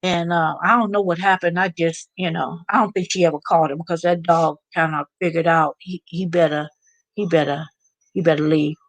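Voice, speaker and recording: An American woman hosting a live stream, chatting and telling stories with animated asides. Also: lowish voice, normal speed. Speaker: vlog host. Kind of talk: live stream casual chat.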